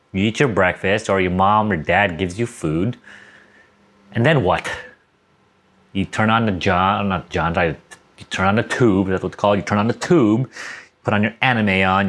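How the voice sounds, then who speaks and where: A man's voice: lowish voice, a bit bright. A young man vlogging, rambling off the cuff in a casual, profane rant to camera.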